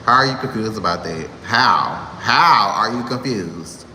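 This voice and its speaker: A man in his thirties vents in a sassy, exasperated rant. His voice is bright and pointed. A roomy space with a long reverb tail and faint background noise carries it. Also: fairly low pitch, lively intonation, a little slow. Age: 30s. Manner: sassy, exasperated ranting with laughs. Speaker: vlogger. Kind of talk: heated monologue to camera.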